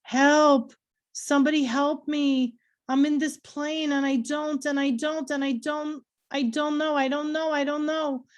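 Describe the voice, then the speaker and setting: A woman voicing a panicked teenage boy stranded in a plane, pleading in a high, frantic voice. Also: normal speed, hardly any pauses, no echo, lightly acted.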